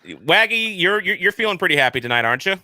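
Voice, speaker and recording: A male podcast host chatting casually, his pitch swinging widely as he rambles and trips over his words. His voice is bright and a little forceful, and the sound is close and dry. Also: sing-song, fast talker, no echo. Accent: St. Louis. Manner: rambling, self-deprecating, stumbles and repeats words.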